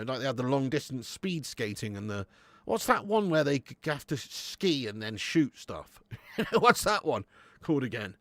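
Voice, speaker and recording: A young man hosting a live football watch-along, chatting with viewers, laughing often and swearing freely when excited. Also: mid-range voice, no room sound. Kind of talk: live match commentary and chat with viewers.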